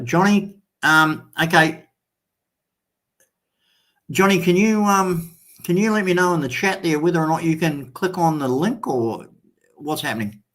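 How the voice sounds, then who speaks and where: An Australian man in his sixties hosts a live stream, chatting casually in a slightly high, somewhat bright voice. He rambles, swears freely, and fills his talk with lots of ums.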